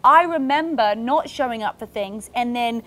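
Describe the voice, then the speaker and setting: A woman's voice: a little high, moderate pace, pushed and bright. A woman hosting a podcast, talking casually and candidly to her listeners and encouraging them, with many "like" fillers. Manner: encouraging, speaks to listeners directly. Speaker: podcast host. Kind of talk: casual motivational podcast talk.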